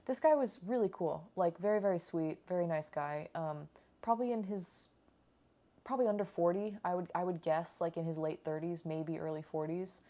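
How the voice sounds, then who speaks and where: Woman, food vlogger, casual storytelling, rambling, fillers, lower pitch. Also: moderate pace, mellow. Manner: rambling, lots of "like" and "um". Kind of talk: casual storytelling vlog chat.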